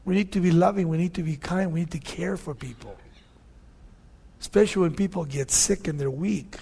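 A man's voice: fairly high pitch, a little fast, creaky, husky. A male pastor teaching a sermon verse by verse, talking to his listeners conversationally and often asking "you see?". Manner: conversational preaching, asks "you see?", swings between loud readings and soft asides.

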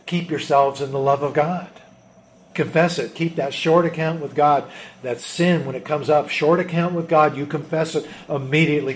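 A man's voice: medium pitch, slight background noise. A middle-aged man preaching a sermon to a congregation as pastor, earnest and pressing his points with rising emphasis. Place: church room with a congregation.

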